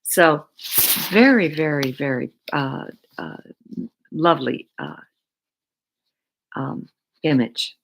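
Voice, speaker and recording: A middle-aged woman giving a slow, reflective talk on mindful living, repeating words with long pauses. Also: low voice, lively intonation, creaky, low-quality recording.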